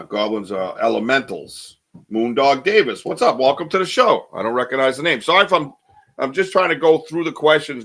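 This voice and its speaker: A man's voice: mid-range voice, gravelly, fairly bright tone. A man hosting a casual live podcast, rambling and chatty as he reads viewer comments aloud, with lots of ums and restarts. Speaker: podcast host.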